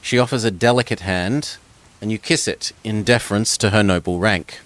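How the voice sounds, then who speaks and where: A man's voice: on the low side, normal speed, fairly bright tone. A man reading a gamebook aloud in second person, stumbling over words now and then and dropping casual asides. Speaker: gamebook reader.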